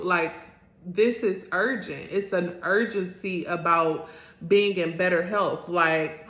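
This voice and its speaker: Low-voiced woman telling a candid story. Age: 30s. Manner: earnest and animated, with lots of "like" fillers. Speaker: vlogger. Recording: roomy echo.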